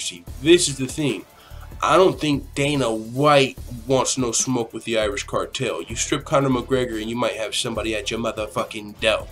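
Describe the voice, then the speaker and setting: A man's voice: medium pitch, normal speed, fairly bright tone, faint music behind. Profane young man hosting a rambling podcast. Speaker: podcast host. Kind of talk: casual podcast Q&A.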